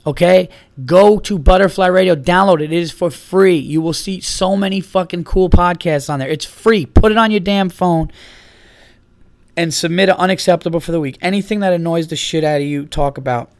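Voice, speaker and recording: A man's voice: high-pitched, normal speed, no room sound. A man hosting a podcast, rambling casually through stories, swearing freely and acting out his friends' lines. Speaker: podcast host. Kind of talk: casual solo podcast chat.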